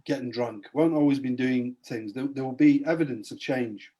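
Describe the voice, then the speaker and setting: A man's voice: mid-range voice, moderate pace, mellow. A man giving a spoken testimony as a podcast guest, earnestly retelling a Bible story in a preacher-like way.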